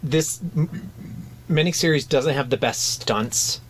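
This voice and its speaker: A man's voice: medium pitch, slow pace, a little hiss or hum. A man co-hosting a podcast, talking in a casual, hesitant way with frequent restarts and fillers. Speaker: podcast co-host. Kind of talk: casual chat.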